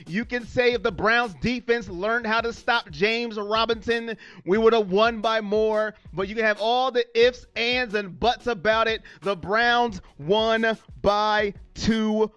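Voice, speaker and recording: High-voiced man hosting a fan live stream. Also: a little slow, few pauses, smooth, no echo, muffled recording. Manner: animated, talks straight to viewers and reads chat messages aloud. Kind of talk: live stream commentary reading chat.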